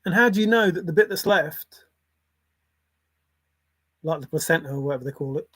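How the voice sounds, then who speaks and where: A man's voice: fairly high pitch, animated, normal speed, fairly bright tone, breathy edge, no room sound. A man, musing aloud on his own in a playful, rambling way, jumping between silly word associations.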